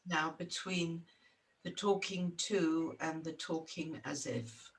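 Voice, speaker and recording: A woman's voice: low voice, slow pace, slight background noise. A woman trainee asking careful questions and giving feedback in a training session.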